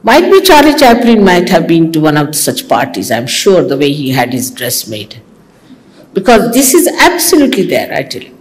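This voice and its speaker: Animated woman giving a sermon. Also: low voice, normal speed, rough recording. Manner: animated, teasing, scolding with humor. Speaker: spiritual teacher. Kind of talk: sermon to followers.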